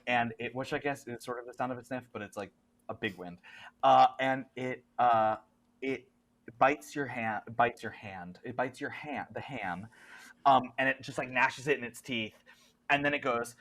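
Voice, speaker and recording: A game master narrating a tabletop horror game, halting and restarting often as the scene is described. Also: mid-range voice, a bit bright. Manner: halting, with many fillers and restarts.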